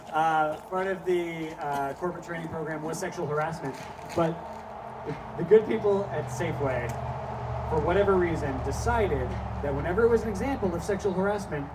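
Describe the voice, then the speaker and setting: A man's voice: on the high side, moderate pace. Rambling, profane male stand-up comic. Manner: rambling, profane storytelling with asides. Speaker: stand-up comedian. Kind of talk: live stand-up set. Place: small live comedy venue with audience. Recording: distant mic with faint background noise.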